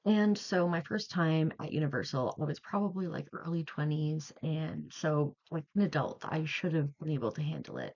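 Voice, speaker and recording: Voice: mid-range voice, creaky, a little mellow. Rambling young adult vlogger, muffled audio. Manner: rambling, chatty, heavy use of "like". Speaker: video creator. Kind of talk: casual storytelling vlog.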